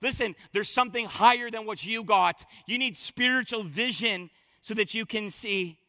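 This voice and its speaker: A male pastor preaching a sermon, repeating words for stress and moving from loud bursts to hushed asides. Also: high voice, moderate pace, dry recording, clean studio sound.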